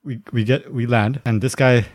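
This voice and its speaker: A man's voice: mid-range voice, fairly even intonation, moderate pace. A young man with a mid-range voice talks in laid-back slang and sets up comic scenarios. The sound is dry and close, with no room echo. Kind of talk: casual podcast banter.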